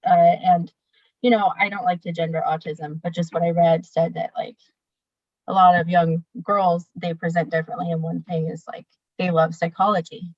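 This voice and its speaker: A woman's voice: lowish voice, little pitch movement, moderate pace, no echo. A young woman, a guest, talking candidly with lots of fillers and laughs over a video call. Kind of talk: casual interview chat. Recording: dull dry video call audio.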